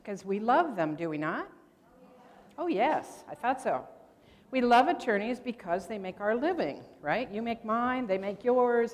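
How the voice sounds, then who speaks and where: A woman's voice: medium pitch, a little mellow. A woman giving a convention talk on grammar, quizzing the audience with questions and playful asides. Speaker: convention speaker. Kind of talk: lecture to an audience. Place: convention meeting room. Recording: long reverb from a large room.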